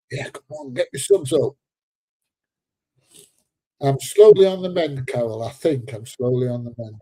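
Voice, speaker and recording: A seventy-year-old Englishman, a little bunged up, talks in a loose, joking way on his live stream. His voice is deep, mellow and very husky. The sound is close and dry, with no room around it. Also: very animated, a little slow, no echo. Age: 70s. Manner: chatty and joking, laughs often, drops into slang. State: a bit congested. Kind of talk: casual live-stream chat reading viewer comments.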